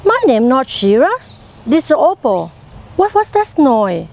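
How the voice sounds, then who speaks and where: A woman voicing a sweet young woman named Opal, with a high, sing-song voice. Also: big pitch swings, measured pace, gravelly, a little mellow, a little hiss or hum, full character voice. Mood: indignant.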